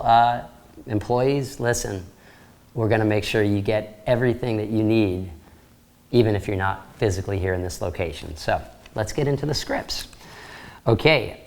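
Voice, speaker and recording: A man's voice: lowish voice, darkish tone. A man giving a sales training lecture, coaching trainees in an upbeat, direct way.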